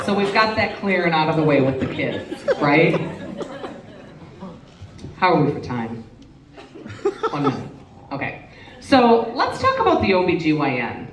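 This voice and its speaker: A woman's voice: medium pitch, huge pitch swings, unhurried, long pauses. Brash fifty-something woman comic, live in a reverberant reception hall, heard from a distance over audience laughter. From Wisconsin. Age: 50s. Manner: brash, bawdy, conspiratorial with the audience. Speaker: stand-up comedian. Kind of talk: stand-up comedy set. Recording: echoey hall, distant mic, loud crowd laughter and noise.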